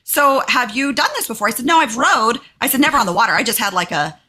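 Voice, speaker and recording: Animated podcast woman from texas, voice jumps all over, storytelling and doing the voices. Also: on the high side, fast. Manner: animated, acts out quotes in a raised voice. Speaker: podcast co-host. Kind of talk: casual storytelling chat.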